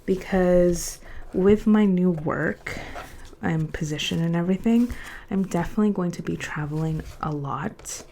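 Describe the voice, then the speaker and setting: A woman's voice: fairly low pitch, a little slow, dark tone. A young woman chatting casually to camera about her planners, open and emotional, now and then dropping to a whisper. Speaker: planner unboxing vlogger.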